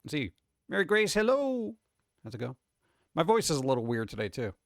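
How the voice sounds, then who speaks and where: A man's voice: fairly high pitch, sing-song, fairly quick, vocal fry, dry recording, clean studio sound. A man streaming live, rambling casually and greeting chat viewers one by one.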